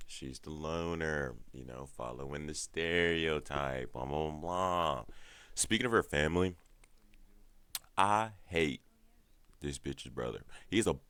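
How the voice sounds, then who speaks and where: A man's voice: extremely low pitch, fairly bright tone, dry recording. A man with a stuffed-up nose giving a heated, rambling TV show recap full of swearing. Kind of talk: casual profane TV recap.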